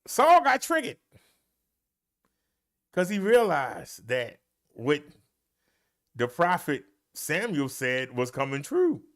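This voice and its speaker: A male minister leads a Bible study with slow, deliberate phrasing. His voice swoops up and down to drive each point home, and he talks straight to his listeners in a folksy way. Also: medium pitch, big pitch swings. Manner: slow, emphatic delivery with long pauses and swooping emphasis.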